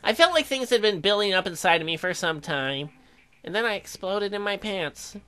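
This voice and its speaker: A woman reading dating-sim narration aloud in a deadpan way, broken up by crude joking asides. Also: medium pitch, normal speed, clean tone.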